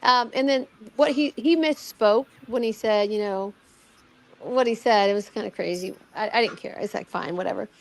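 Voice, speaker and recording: A middle-aged woman telling a personal story in casual chat, animated, acting out what people said, with many restarts. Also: medium pitch, moderate pace, creaky. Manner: animated, acts out quoted voices, many restarts. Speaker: guest recounting a personal experience.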